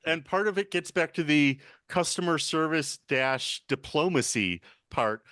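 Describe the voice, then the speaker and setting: Dry-witted bartender host, dry sound. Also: male voice, fairly high pitch, lively intonation, a little slow, bright, forceful tone, clean tone, no room sound. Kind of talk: casual podcast chat.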